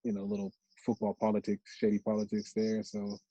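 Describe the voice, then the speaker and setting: An American man in his thirties, a podcast guest, telling stories in slangy, animated casual chat. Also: fairly low pitch, fairly quick, breathy edge, no echo, muffled recording. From United States. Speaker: podcast guest, former college football player.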